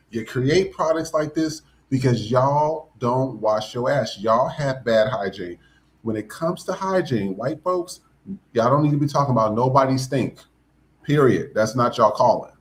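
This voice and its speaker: A man's voice: medium pitch, moderate pace, slight background noise. A man hosting a podcast, giving blunt, profane, emphatic commentary. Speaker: podcast host. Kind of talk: casual commentary.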